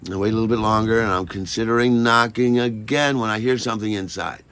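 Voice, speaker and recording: An older man telling a personal story in an animated way, acting out every voice and lingering on words. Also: fairly low pitch, quick pace, clear, resonant tone.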